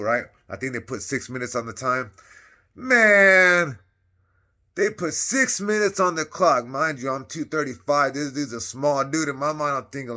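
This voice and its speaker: A man telling his own story in a casual, slangy, rambling way, acting out the dialogue as he goes. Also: medium pitch. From Northern California. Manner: slangy, rambling, animated retelling with quoted dialogue.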